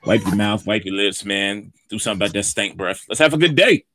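A man's voice: on the low side, lively intonation, fairly quick, no echo. Hype-voiced man calling the weather. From Atlanta. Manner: loud hype delivery, calls everyone man. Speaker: co-host doing the weather. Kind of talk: casual morning show banter.

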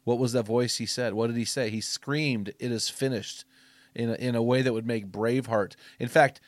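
A middle-aged man preaches to his male listeners in a podcast talk, exhorting them with emphatic, punchy bursts that swell in volume. His voice sits at an ordinary mid pitch. The recording is dry and close, with no room sound. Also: steady tone, brisk, dry recording. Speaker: men's ministry speaker and podcast host.

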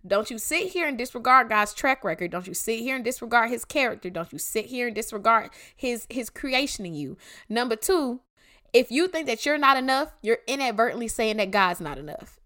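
Hosting a laid-back devotional podcast, this woman speaks with a Georgia Southern accent in a bright, high voice. Her pitch rises and falls sharply as she urges her audience on with emphasis, mixing preaching and slang.

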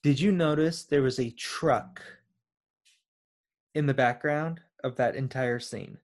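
A man's voice: mid-range voice, slow pace. Inquisitive man laying out a film theory. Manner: inquisitive, builds up theories with hesitant fillers. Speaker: podcast co-host. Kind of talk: casual film discussion.

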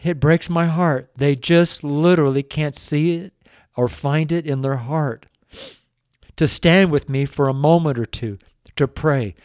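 A man's voice: fairly high pitch, darkish tone, smooth, no echo, studio quality. An older man, a street preacher, giving an earnest, pleading sermon on a show, tearful and emotional. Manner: slow, earnest, pleading, with drawn-out emphasis.

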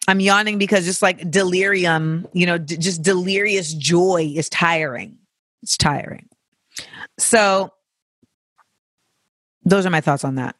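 This podcast host talks in a bright, sharp voice and answers listener questions. The delivery is animated and loose, full of profanity and joking asides. The sound is dry and close to the mic. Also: medium pitch, unhurried, pauses often, no echo. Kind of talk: casual advice talk.

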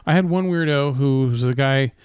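A man's voice: mid-range voice, moderate pace, darkish tone, clean tone, no echo. Podcast co-host, man, swears a lot, acts out the voices in his stories, dry close mic. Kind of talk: casual podcast chat.

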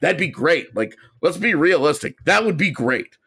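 A hoarse man co-hosting a podcast, giving thoughtful, hedging sports analysis in casual talk. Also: on the high side, lively intonation, normal speed, sharp tone. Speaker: podcast co-host.

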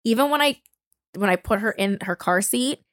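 Animated, chatty woman co-host. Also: mid-range voice, normal speed, no echo, clean studio sound. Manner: chatty, emphatic, laughs often, swears. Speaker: podcast co-host. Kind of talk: casual chat.

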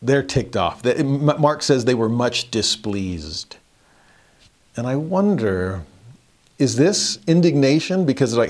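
A man teaching a verse-by-verse scripture lesson in a conversational way, chuckling often and rising in pitch for emphasis. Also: very animated, slow, darkish tone.

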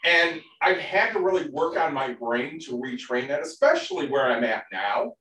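A man who coaches baseball shares stories casually on a podcast, swearing now and then. His voice is lively and jumps up and down in pitch. He sounds distant in an echoing room. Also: moderate pace. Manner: animated, storytelling, casual swearing. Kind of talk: casual chat. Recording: roomy, distant from the mic.

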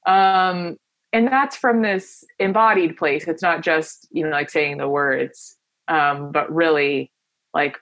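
A woman's voice: low voice, slow, a bit bright, dry recording. Earnest woman telling a story. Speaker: guest. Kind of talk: conversational interview.

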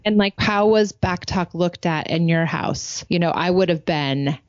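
A woman with a low voice co-hosts a parenting podcast, chatting casually and telling stories in a lively way. The recording is dull and very dry. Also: a little slow, dry recording. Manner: chatty storyteller, acts out quotes. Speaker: podcast co-host. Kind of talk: casual chat.

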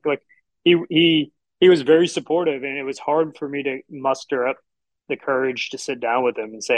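A man from Houston talks casually on a podcast, telling winding stories and slipping into the voices of people he quotes. His voice sits at an ordinary middle pitch, recorded close and dry with no room sound. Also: fairly even intonation, brisk, dry recording, rough recording. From Houston, Texas. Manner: rambling storyteller who acts out quotes. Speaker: chef and restaurant owner, guest.

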